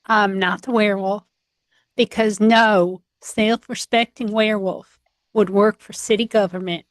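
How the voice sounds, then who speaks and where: A woman's voice: medium pitch, steady tone, measured pace, no room sound. A woman playing an improv comedy game over a video call, joking in a dry, matter-of-fact way. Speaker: improv player.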